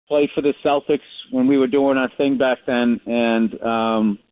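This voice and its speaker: Calling into a radio show over a tinny phone line, a middle-aged comedian with a Boston accent chats casually as a guest. His medium-pitched voice is clear and resonant, steady in tone and a little slow, as he rambles bluntly and wryly through stories.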